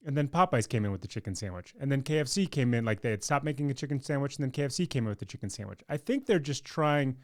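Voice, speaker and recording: A man's voice: medium pitch, expressive, quick pace, hardly any pauses. A man co-hosting a podcast, reading news items aloud and trading wry, teasing jokes in casual chat. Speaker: podcast co-host.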